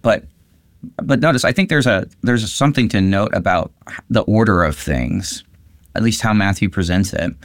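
A man's voice: on the low side, moderate pace, no echo, studio quality. A man, a pastor, discussing a Bible passage in casual conversation and animatedly acting out quoted lines. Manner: animated, acts out quotes with lifted voice.

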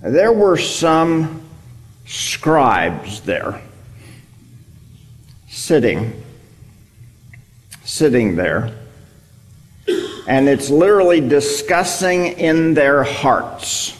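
A man's voice: fairly high pitch, sing-song, very slow, long pauses. A man teaching a Bible study, explaining a passage and repeating key words for emphasis. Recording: long reverb, hall.

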